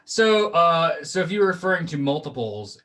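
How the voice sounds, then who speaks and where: A man co-hosting a podcast, ranting in comic mock outrage. His pitch swoops all over the place. The voice is bright and forward. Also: moderate pace. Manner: animated mock outrage, rants with silly quoted voices. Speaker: podcast co-host. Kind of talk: casual chat.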